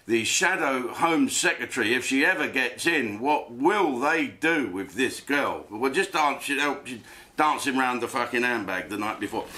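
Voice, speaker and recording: A man's voice: medium pitch, sharp tone. Crude rambling man ranting. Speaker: host. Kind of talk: comedic rant. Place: home den.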